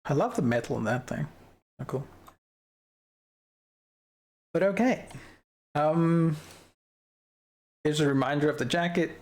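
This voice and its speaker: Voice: medium pitch, lively intonation, a little slow, long pauses, darkish tone. A young adult livestreamer chatting casually with viewers while showing off an avatar model, giggling often and rambling through thoughts. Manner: giggly, rambling, talks to chat. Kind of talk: casual live-stream chat.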